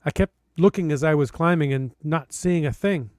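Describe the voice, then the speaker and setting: A podcast host, a man with a high voice, reads a listener's story aloud. He hams it up with playful emphasis and comic pauses. The recording is dry and close, with no room sound. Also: darkish tone, smooth, dry recording.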